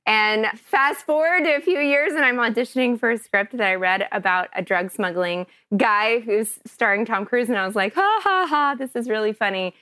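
A woman from Kentucky, an actress guest on a podcast, telling a story in an animated, chatty way. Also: on the high side, normal speed, hardly any pauses, clear, resonant tone, dry recording. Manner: chatty, animated, often laughing.

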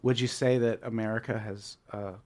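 A man's voice: on the low side, steady tone, moderate pace, slight background noise. A man in a casual comedic podcast chat, leading the topic and reading out facts.

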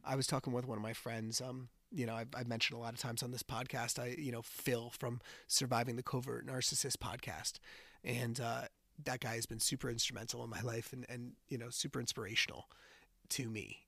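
A man's voice: mid-range voice, flat delivery, fairly quick, creaky, fairly bright tone, breathy edge, no room sound. A man hosting a podcast, telling personal stories in a chatty, casual way with lots of fillers. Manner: chatty storytelling with many fillers. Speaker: podcast host.

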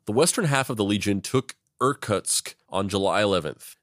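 A man's voice: lowish voice, moderate pace, hardly any pauses, fairly bright tone, no room sound, clean studio sound. A man hosting a podcast, telling a history story in a loose, profane, rambling way. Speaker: podcast host. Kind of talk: casual comedic storytelling.

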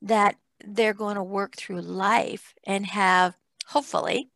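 A woman's voice: mid-range voice, fairly even intonation, takes it slowly, gravelly, a bit bright, no room sound. A woman in her sixties hosting a podcast, chatting in a rambling way and laughing between thoughts. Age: 60s. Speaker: podcast host. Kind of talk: casual podcast interview.

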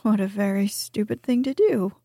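A woman's voice: medium pitch, moderate pace, creaky, mellow, no room sound, clean studio sound. A woman voicing a selfish, self-satisfied miller who lectures, in whispered role-play. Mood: smug.

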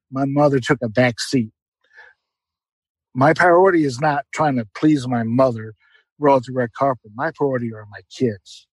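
Earnest husky middle-aged man. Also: medium pitch, no room sound, rough recording. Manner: earnest, heartfelt, repeats phrases for emphasis. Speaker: guest. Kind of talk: emotional personal testimony.

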